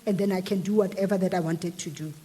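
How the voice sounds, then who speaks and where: A woman's voice: on the low side, steady tone, fast, mellow, big-room sound. A woman guest animatedly retelling a personal story in an interview, acting out the dialogue. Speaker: guest telling her story.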